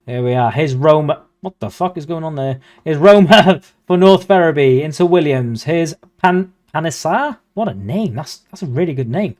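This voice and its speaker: A young man, commentating his own football management game with excitable, mock-commentator energy. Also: on the high side, moderate pace, hardly any pauses. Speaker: gaming video host.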